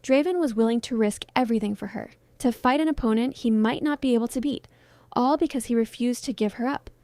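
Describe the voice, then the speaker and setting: A woman reading a dramatic romance story aloud as narrator, in a steady storytelling manner. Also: on the high side, brisk, no echo. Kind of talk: scripted audiobook narration.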